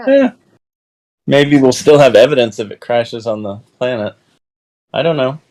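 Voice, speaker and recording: A man's voice: medium pitch, measured pace, a little mellow, rough recording. A man playing a tabletop game, casually describing his character's actions. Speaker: player.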